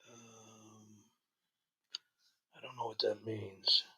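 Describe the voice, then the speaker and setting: A man chats casually on his livestream, greeting viewers and reading their comments. He talks in a rambling way. His voice is strikingly bright, with a gravelly edge. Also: on the low side, flat delivery, extremely slow. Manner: rambling, frequent ums and restarts. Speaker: livestream host.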